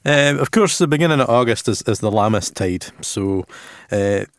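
A Scottish man with a low-pitched voice, chatting about old customs in a radio studio. He pauses and restarts often and mixes Scots words into his talk. The room sounds dry and close. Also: animated, no echo. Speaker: guest on a radio show. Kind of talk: casual chat about local lore.

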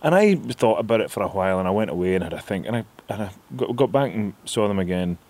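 A man with a northeast Scottish accent telling stories in an interview, rambling and animated. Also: lowish voice, quick pace. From northeast Scotland. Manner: rambling, animated storytelling with laughs. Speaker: actor guest. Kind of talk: reflective interview chat.

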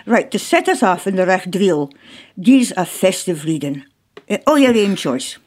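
A woman's voice: lowish voice, sing-song, moderate pace. A woman with a North-East Scots accent who hosts a radio show and chats effusively with her guests. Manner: warm, effusive. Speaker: radio host. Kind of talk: casual chat.

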